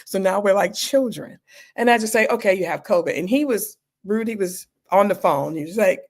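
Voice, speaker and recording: With a medium-pitched, slightly mellow voice and a moderate pace, this guest, an emergency doctor and speaker in her fifties, shares candid stories during an interview. She comes across as conversational and dryly funny.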